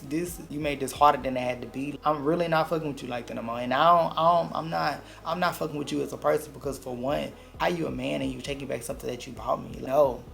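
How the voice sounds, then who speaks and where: A man's voice: medium pitch, gravelly, a bit bright. A man telling a dramatic personal story in a blunt, profane storytime vlog. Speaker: vlogger.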